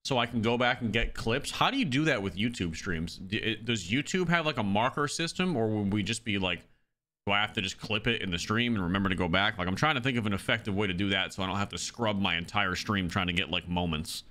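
A man's voice: fairly low pitch, quick pace, pushed and bright. A man streaming a shooter game, chatting loosely with his viewers in casual commentary. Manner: chatty, loose, talks to chat as "dude" and "brother". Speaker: livestreamer playing a shooter. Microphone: streaming mic through an audio mixer.

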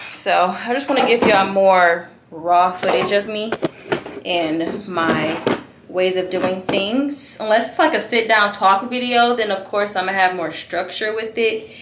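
A woman's voice: medium pitch, background noise. A woman vlogging at home at night, chatting casually to her viewers as she gets ready, recorded on a camera on a tripod. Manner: chatty, addresses viewers as y'all.

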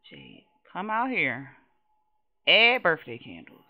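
A woman hosting casual gameplay commentary, talking straight to her viewers with lots of swearing. Her pitch leaps up and down as she reacts. The audio is dull and lo-fi. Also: drawn-out words. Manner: animated, exasperated, swears freely, chats to viewers. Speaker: gaming channel host.

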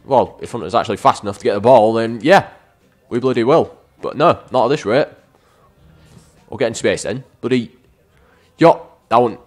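A man giving chatty let's-play game commentary, addressing viewers as lads and breaking into frustrated shouts at the game. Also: medium pitch. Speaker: gaming YouTuber.

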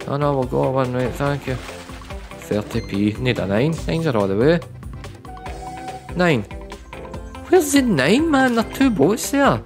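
A man giving live commentary on slot machine spins, chatty and prone to repeating words, breaking into loud excited bursts. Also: medium pitch, measured pace, faint music behind. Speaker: online slots streamer.

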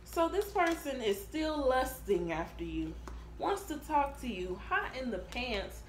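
A woman giving a casual tarot reading, blunt and profane, talking in an animated way. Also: sits high, measured pace. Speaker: tarot reader. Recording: echoey room with faint ambience.

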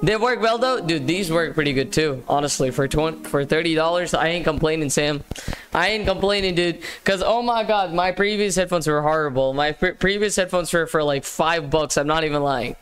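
A man's voice: on the high side, moderate pace, a bit bright, faint music behind. Slangy young-sounding gaming streamer guy. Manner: slangy, chatty, greets viewers by name. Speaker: livestream host. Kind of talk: casual gaming livestream chat.

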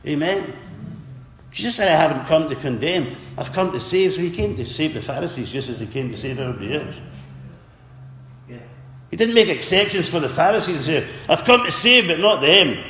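A man's voice: on the high side, animated, a little fast, fairly bright tone. A man preaching a sermon earnestly, repeating words and calling out for amens. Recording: echoey hall with faint ambience.

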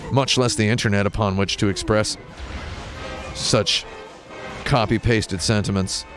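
Wry American male streamer, lowish voice, rambling mock rants over loud game music. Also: steady tone, measured pace. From United States. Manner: wry, tangent-prone, mock-indignant rants. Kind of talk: rambling live-stream commentary. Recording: game music playing behind.

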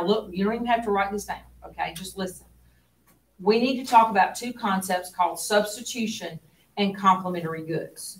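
A woman's voice: medium pitch, a bit bright, distant mic. A woman teaching an economics lesson to a class, asking questions and dropping into near whispers for asides. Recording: roomy classroom, voice away from mic.

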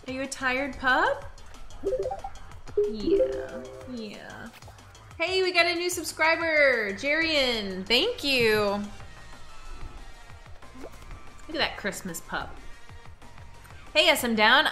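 Young woman livestreaming, bright voice, slow and chatty, coos at her dog, faint game music behind. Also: a little high. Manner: chatty and animated, talks to viewers. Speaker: streamer. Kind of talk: casual livestream chat.

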